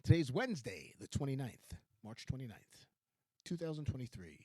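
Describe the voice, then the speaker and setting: A man's voice: medium pitch, big pitch swings, normal speed, darkish tone, husky, dry recording. A man with a Los Angeles accent hosting a rambling solo talk show at his home computer, meandering, interrupting himself, swearing casually and laughing often. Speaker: podcast host.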